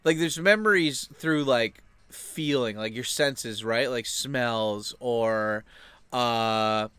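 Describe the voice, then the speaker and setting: A man's voice: medium pitch, slow, a bit bright, clear, resonant tone, no echo. A young man talking casually on his own channel, rambling loosely with lots of filler words. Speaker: channel host.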